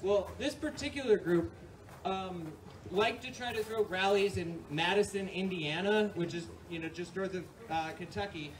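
A man from New York doing a rambling, profane stand-up set on a club stage, often laughing at his own jokes. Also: sits high. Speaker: stand-up comedian. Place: comedy club stage with audience. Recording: distant mic, noisy live room.

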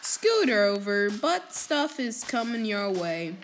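A woman giving excitable, rambling let's-play commentary and trash-talking the enemies she fights. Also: medium pitch, slow, a little hiss or hum. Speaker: gamer. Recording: background music under voice.

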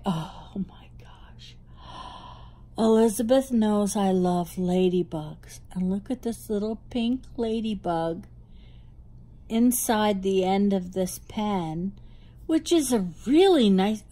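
A woman's voice: medium pitch, dark tone. A woman with a New Jersey accent doing a casual show-and-tell unboxing on her hobby vlog, gushing with delight over cute little things. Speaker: hobby vlogger.

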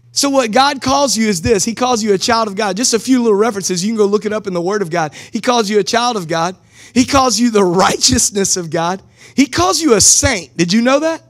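A man preaching a sermon as pastor in a casual, energetic way, with slang and direct calls to the congregation. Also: sits high. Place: church service streamed live.

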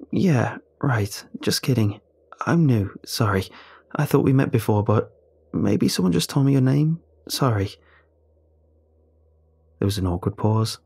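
A man calmly narrating a first-person horror story in a measured, storytelling way. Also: lowish voice, gravelly, husky.

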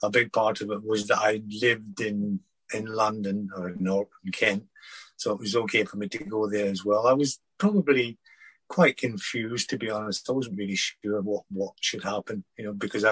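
An older former footballer, husky-voiced, recalling his career in a halting interview chat full of restarts. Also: fairly low pitch, steady tone, fairly bright tone, no room sound, poor audio. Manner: halting, many restarts and repeated words.

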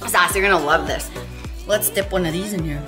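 A woman's voice: fairly low pitch, fairly quick, over music. A woman hosting a cooking vlog, chatting in a bubbly, enthusiastic way and cheering her viewers on. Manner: bubbly, enthusiastic, upbeat encouragement. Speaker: weight loss cooking vlogger. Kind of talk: casual cooking vlog chat.

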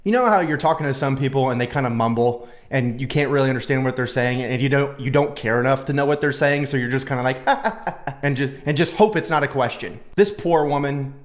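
A man talking through a reaction video in a loose, joking way. He is crude and sarcastic, and his voice sits at a middle pitch. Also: a little fast. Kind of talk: casual commentary.

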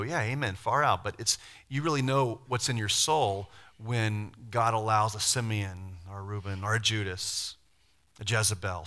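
Middle-aged male pastor, bright forceful tone, chatty animated sermon delivery. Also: fairly low pitch. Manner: animated, conversational preaching with sudden loud and quiet swings.

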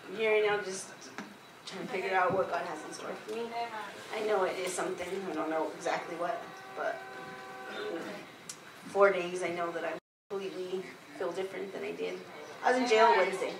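A woman giving a quiet, halting testimony as a new resident before a congregation. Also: fairly low pitch, fairly even intonation, creaky, noisy background. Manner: quiet, halting, hesitant speech. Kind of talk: spontaneous testimony. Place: church sanctuary before a congregation. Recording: distant echoey church room.

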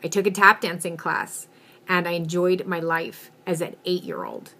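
A woman with a low-pitched voice, slightly husky and breathy, tells a personal story straight to camera. She leans into her words with vivid emphasis, giving the tale an expressive storyteller's flow. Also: moderate pace. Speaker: vlogger telling a personal story.

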